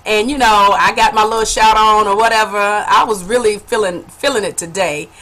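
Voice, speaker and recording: A woman vlogger tells a funny personal story casually and with animation, laughing and calling her viewers honey. She speaks at normal speed with a medium pitch.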